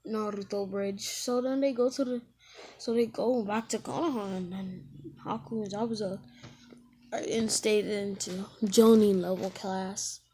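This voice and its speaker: A woman's voice: mid-range voice, steady tone, measured pace, dark tone, a little hiss or hum. A woman casually retelling a fan-fiction story as a YouTube storyteller, rambling along with lots of "like" fillers.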